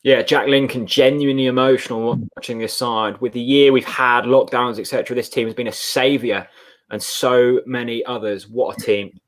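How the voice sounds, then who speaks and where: A man co-hosting a live football watchalong, talking in a chatty, excitable way. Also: mid-range voice, normal speed. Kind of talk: casual live match chat.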